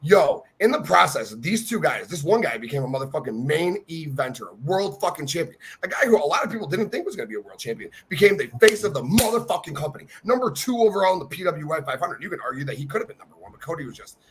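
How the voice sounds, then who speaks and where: A man co-hosting a wrestling podcast, talking in an excited, profane, gushing way. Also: fairly high pitch, fast talker, few pauses. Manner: profane, passionate, gushing fan. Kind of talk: excited casual podcast chat.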